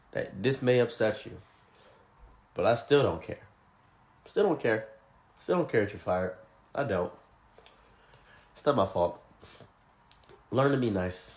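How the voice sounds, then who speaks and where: A man's voice: on the low side, darkish tone. A man narrating a first-person story in a blunt, indignant, conversational way.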